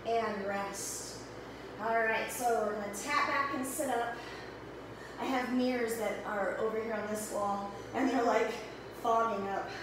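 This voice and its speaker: A woman's voice: fairly high pitch, fairly even intonation, a little slow, background noise. A woman from the American Midwest coaching a home workout while exercising, slightly out of breath and chatting as she cues each move. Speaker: fitness instructor. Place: home workout room with mirrors. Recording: echoey room, voice from far off.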